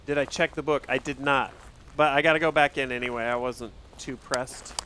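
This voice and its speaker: A man's voice: mid-range voice, steady tone, brisk, pushed and bright, slight background noise. A male streamer giving live commentary on a game, reacting aloud and chatting with his viewers.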